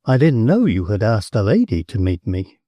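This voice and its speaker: A man's voice: fairly low pitch, wildly swooping pitch, moderate pace, no room sound, lo-fi sound. A man voicing a big, blunt American gambler with an abrupt, muttering manner, in an audiobook. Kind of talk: audiobook character voice.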